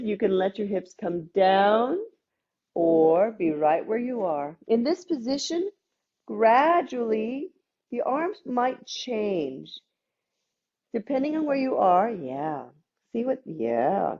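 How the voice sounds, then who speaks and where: A woman teaching a gentle yoga class, calmly cueing breaths and movements with playful asides. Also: medium pitch, slow, lo-fi sound. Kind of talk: guided yoga class instruction.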